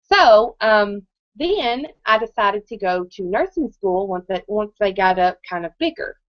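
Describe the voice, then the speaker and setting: A woman's voice: mid-range voice, animated, measured pace, no echo. Chatty woman, dull dry recording. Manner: conversational, keeps checking in with the audience. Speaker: presenter. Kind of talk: live motivational testimony.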